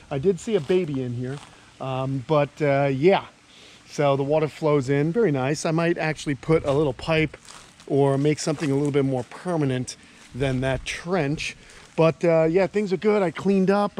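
A man's voice: a little high, a little mellow, slight background noise. A man hosting a casual vlog outdoors among animal enclosures, easygoing and chatty, talking to his reptiles as he goes. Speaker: reptile keeper and channel host.

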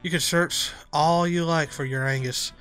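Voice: mid-range voice, steady tone, moderate pace, fairly bright tone, clear, resonant tone, soft background music, pitched below the performer's own voice, natural voice. A player putting on a grave mystical intercom voice. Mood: solemn.

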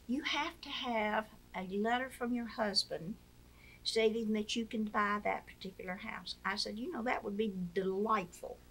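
Older woman guest, gravelly, animated storyteller. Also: a little high, normal speed. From Mississippi. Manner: lively storyteller acting out quoted voices. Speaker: interview guest, wife of a former POW. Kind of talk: storytelling in a conversational interview.

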